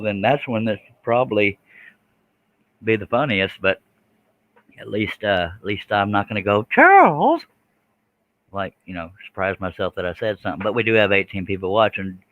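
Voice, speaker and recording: A man's voice: on the low side, fairly even intonation, moderate pace, dry recording, narrow, tinny audio. A man, chatting casually with viewers while he works a scroll saw on a livestream. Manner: folksy, chatty, reads out viewer comments.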